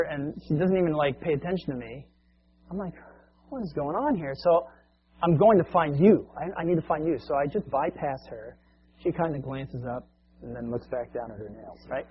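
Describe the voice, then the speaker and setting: A male preacher telling a long story as a sermon illustration, in a conversational, animated way, on a muffled lo-fi recording. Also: on the high side, slight background noise.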